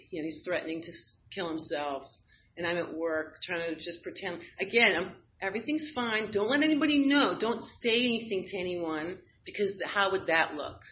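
At a normal speed and in a lowish voice, a woman candidly shares a personal story as a guest. Her tone is wry, with fillers and bursts of laughter, and the recording is slightly dull with faint noise.

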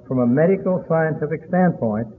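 Older man telling a story, tinny recording. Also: on the high side. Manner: folksy, unhurried storyteller who often clears his throat. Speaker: speaker at a recovery meeting. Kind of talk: storytelling talk to an audience. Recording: tinny lo-fi recording with faint hiss.

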